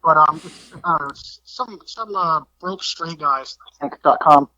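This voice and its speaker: A middle-aged man, a wrestling promoter, telling backstage stories in an animated way with frequent restarts. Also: on the high side, moderate pace. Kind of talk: casual storytelling. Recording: dull, dry lo-fi audio.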